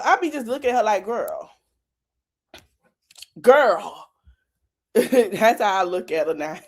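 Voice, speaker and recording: Lively woman podcaster. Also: on the high side. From South Florida. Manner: animated, laughing, slangy and teasing. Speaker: podcast host. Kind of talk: casual commentary.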